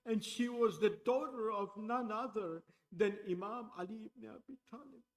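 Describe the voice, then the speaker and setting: High-voiced man preaching in a hall. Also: normal speed. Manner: emotional storytelling, voice rising to cries. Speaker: speaker at an Islamic center. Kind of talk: mourning sermon narration. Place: Islamic center hall. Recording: long reverb of a hall.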